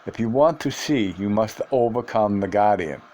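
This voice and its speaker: A man voicing an old Mexican sorcerer who speaks steadily and matter-of-factly, calm and teasing. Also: lowish voice, moderate pace, natural voice. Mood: serious.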